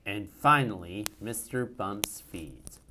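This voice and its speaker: A man's voice: lowish voice, lively intonation, slow pace, heavy background noise. A man reading a homemade cartoon story aloud as narrator.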